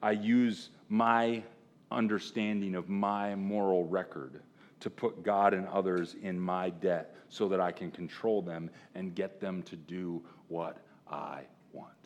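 A man preaching a sermon to a room of men, animated, jumping between loud exclamations and hushed asides and acting out the characters he quotes. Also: lowish voice. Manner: acts out quoted characters in voices. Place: room with a live audience of men.

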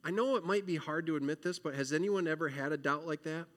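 A man giving an earnest, emotional children's sermon, acting out prayers and shifting between loud pleading and quiet reflection. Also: fairly high pitch, fast. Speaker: children's minister.

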